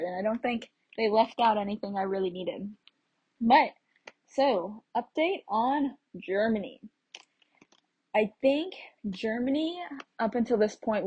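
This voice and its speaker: A woman's voice: medium pitch, a little mellow, husky, rough recording. A young woman from the United States, vlogging casually about her backpacking trip in a chatty way and laughing often as she tells her stories. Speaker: travel vlogger. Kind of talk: casual chat.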